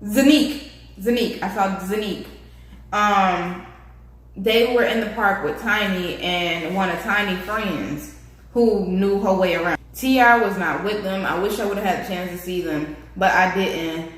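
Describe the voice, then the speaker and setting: A young woman vlogger telling a casual story, animated and slangy, speaking straight to her viewers. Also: mid-range voice, a little slow. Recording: echoey room.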